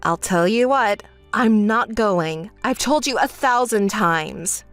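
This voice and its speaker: A woman voicing a calm, sensible young woman who speaks in a flat, firm and unimpressed way. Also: medium pitch, slow pace, no echo, faint music behind. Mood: cool. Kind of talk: texting-story voice acting.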